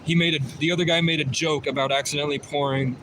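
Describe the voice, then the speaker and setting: A man's voice: a little high, fairly even intonation, fast talker, noisy background. A man on a livestream telling a long personal story in a rambling, repetitive way, often restarting his sentences. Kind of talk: livestream monologue.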